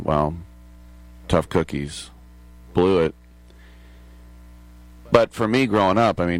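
Sports radio host, male, middle-aged, deep voice, digressive and chatty, dry studio sound. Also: no echo. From America. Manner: rambling, digressive, chuckling asides. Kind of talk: casual sports talk monologue.

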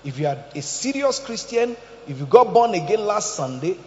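A male preacher with a high, lively voice that swoops up and down as he tells stories and quizzes his congregation. His sermon echoes through a large hall with a long reverb, and the sound is slightly dull. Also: moderate pace, a little hiss or hum. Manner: animated storytelling, asks the congregation questions.

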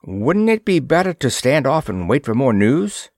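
A man's voice: medium pitch, big pitch swings, normal speed, darkish tone, no room sound, pitched above the performer's own voice. A mild, earnest navigator, voiced by a male reader voices his worries carefully. The recording is close and dry. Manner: cautious, earnest. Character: placid bespectacled male chief navigator.

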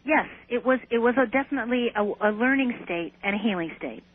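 A woman's voice: on the high side, expressive, a little fast, slight background noise. A woman guest in an interview, earnestly recounting a personal experience with some hesitant restarts. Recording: tinny phone line on radio.

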